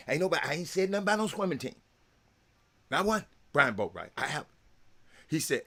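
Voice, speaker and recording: A man's voice: fairly high pitch, very animated, fairly quick, pauses often, a bit bright. A man, hosting a casual talk show and rambling to his viewers with lots of repeated words. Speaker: sports talk show host.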